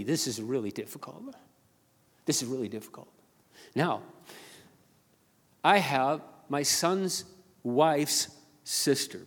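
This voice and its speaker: An older man preaching as a pastor, telling a story earnestly and haltingly, often repeating his words. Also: a little high. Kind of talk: sermon storytelling. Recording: long reverb of a large hall.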